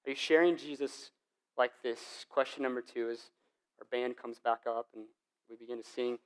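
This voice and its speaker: A young adult man, the lead pastor of a church, preaching a sermon in an animated, casual storytelling way with lots of slang. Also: medium pitch, normal speed, clean tone.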